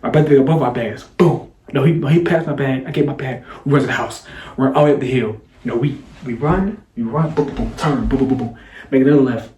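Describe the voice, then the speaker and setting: A man's voice: medium pitch, fast talker. Young man, casual vlog storyteller, loose slang, roomy echo. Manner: animated, loose slangy retelling with sound effects.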